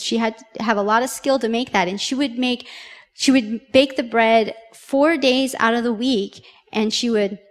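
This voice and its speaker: A woman tells a children's story sermon in a chatty way, often turning to the kids with questions. Her voice sits fairly high. A long hall reverb trails her words. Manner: warm, conversational, addressing children with questions.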